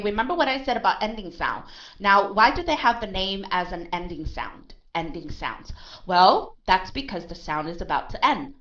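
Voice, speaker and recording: Her voice sits in the middle range with a fairly bright tone as she gives a recorded online pronunciation lesson. Step by step, she asks herself questions and answers them, often tagging "okay" onto phrases. The audio is lo-fi and dull.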